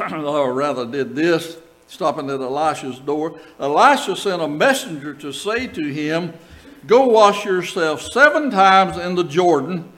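An older man preaches a sermon in a slightly high voice. He tells stories from his own ministry and reads scripture aloud, turning to the congregation with quick asides. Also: fairly bright tone, rough recording. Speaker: pastor.

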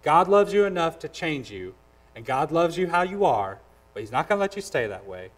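A man's voice: fairly high pitch, sing-song, brisk, low-quality recording. A pastor delivers a sermon in a slightly raised male voice. He speaks directly and earnestly, driving points home with repeated phrases. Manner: acts out voices in a told story.

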